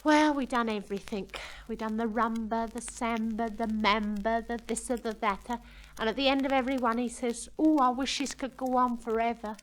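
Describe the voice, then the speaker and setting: Woman putting on a breathless young working-class girl gossiping about her night out at the dance, rough slangy grammar, lively and fairly high voice, reeling off a comic monologue on a vinyl record. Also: moderate pace, close to an everyday voice, poor audio. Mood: gossipy. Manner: ungrammatical cockney-style chatter, "we done", "I says".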